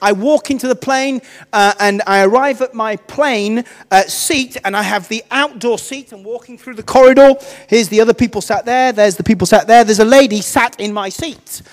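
A man, a vicar, telling a self-mocking, animated personal story in a sermon. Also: sits high, normal speed, long reverb tail.

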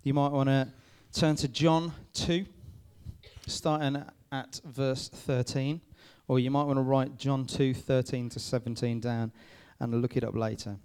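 Lively youth pastor, smooth voice. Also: male voice, mid-range voice, a little slow. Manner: lively, addresses the group with frequent "okay?" checks. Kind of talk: youth talk. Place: room with a live youth audience.

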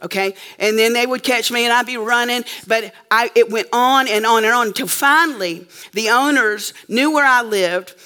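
A woman's voice: fairly high pitch, moderate pace, few pauses, bright, forceful tone, clear, resonant tone. A woman preacher telling a story in a sermon to a live audience, emphatic and checking in with her listeners often.

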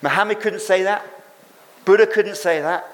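A man's voice: sits high, moderate pace. A man preaching a sermon as pastor, speaking emphatically, repeating phrases for effect and acting out quoted lines.

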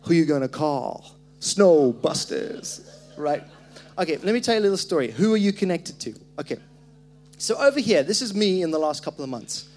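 Energetic high-voiced man preaching. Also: fast, faint music behind. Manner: energetic, animated storytelling with joking asides. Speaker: pastor. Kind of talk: sermon. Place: church hall.

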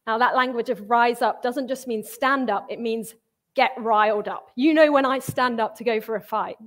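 A young woman giving a sermon in an earnest, expressive, conversational way. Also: a little high, normal speed. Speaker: preacher.

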